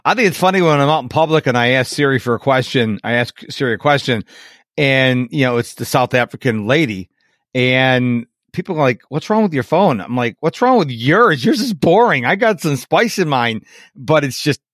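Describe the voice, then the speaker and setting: Male podcast co-host, casual and playful, mid-pitched voice, dry close-mic sound. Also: dry recording. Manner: chatty, playful, jumps between topics. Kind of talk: casual tech podcast chat.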